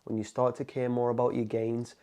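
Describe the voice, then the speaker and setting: A man's voice: medium pitch, monotone, fairly quick, dark tone. A man, a motivational coach, talking straight to camera in an emphatic, casual way and calling the viewer "man". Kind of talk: direct-to-camera motivational talk.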